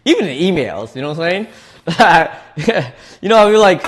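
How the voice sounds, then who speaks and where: A relaxed male streamer chats while he snacks, his voice sitting a little high and his pace a little fast. His talk is easygoing and full of slang, and he tends to double up his words.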